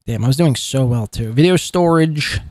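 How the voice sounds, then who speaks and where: A man's voice: mid-range voice, moderate pace, darkish tone, no room sound, clean studio sound. A man hosting a live commentary podcast, talking in a profane, mocking and rambling way. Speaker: podcast host.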